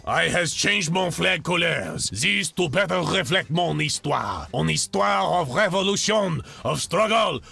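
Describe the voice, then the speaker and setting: A man's voice: fairly high pitch, animated, a little slow, gravelly, hardly any pauses, bright, forceful tone, exaggerated voice. A man voicing a proud, theatrical male countryball, mixing in words. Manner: broken English peppered with French.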